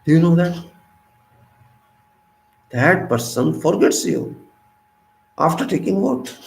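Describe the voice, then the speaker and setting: Preachy Indian-accented man with gravelly voice. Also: on the high side, very animated, slow, pauses often, reverberant, low-quality recording. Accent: Indian English. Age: 50s. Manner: preachy, rhetorical questions, swings loud and soft. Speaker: civic commentator. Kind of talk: impassioned monologue.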